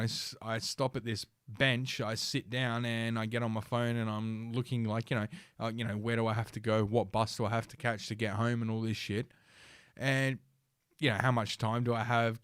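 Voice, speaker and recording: His voice sits on the low side, level and a bit bright with a clean tone, and he talks fairly quickly. This Australian podcast host from South Australia tells a rambling, swear-filled story on a livestream, stumbling through fillers and restarts, in echo-free studio sound.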